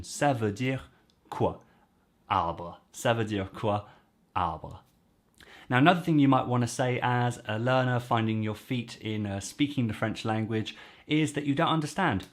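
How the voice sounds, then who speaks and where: A man with a fairly low voice explains useful phrases to learners. He talks in a chatty way and says each example slowly, twice over, so they can practise. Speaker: French teacher.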